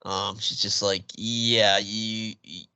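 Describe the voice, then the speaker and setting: A man's voice: on the low side, level tone, sharp tone, clear, resonant tone, dry recording. A man co-hosting a movie podcast, retelling a film's plot in casual chat and laughing often. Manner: laughs often, quick asides. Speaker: podcast co-host.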